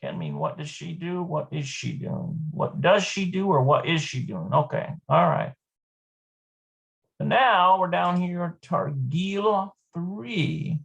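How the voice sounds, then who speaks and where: A Hebrew teacher giving a live online lesson, thinking aloud, hesitant and repeating words slowly. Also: mid-range voice, big pitch swings, creaky.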